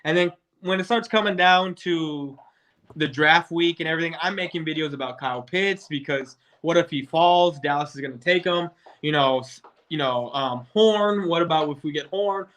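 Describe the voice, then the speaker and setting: Male fan guest, casual sports debate, somewhat high, sharp tone, rambling delivery with frequent restarts. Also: normal speed. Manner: rambling, stumbles and restarts often.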